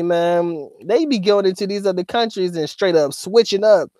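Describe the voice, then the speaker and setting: A man's voice: high-pitched, animated, normal speed, few pauses, darkish tone, no room sound, studio quality. A man co-hosting a casual livestream, reading chat and talking in a slangy, profane, laughing way.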